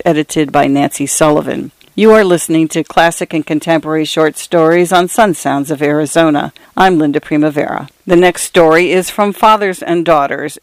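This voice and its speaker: Lady reading short stories on the radio, smooth and dry, kinda high. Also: no echo. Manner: measured literary reading. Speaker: radio host and reader. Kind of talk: scripted short story narration.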